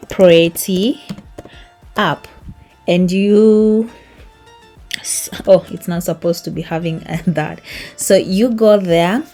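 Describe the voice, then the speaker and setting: A woman's voice: medium pitch, darkish tone. A young woman from Kenya hosting her own vlog, giving a casual, rambling app tutorial with self-mocking asides. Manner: chatty, rambling, self-mocking with small laughs. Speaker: YouTube vlogger. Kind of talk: casual screen-recorded tutorial.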